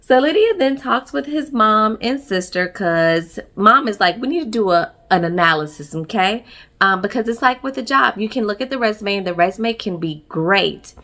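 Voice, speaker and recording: A woman's voice: mid-range voice, creaky, pushed and bright. A woman giving a sassy, chatty recap of a reality show episode, laughing often. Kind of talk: casual recap commentary.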